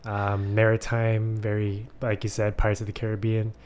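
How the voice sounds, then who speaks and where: A man's voice: fairly low pitch, monotone, normal speed, darkish tone, clear, resonant tone. A man hosting a casual film discussion podcast, talking animatedly with lots of "like" and acting out quotes. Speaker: podcast host.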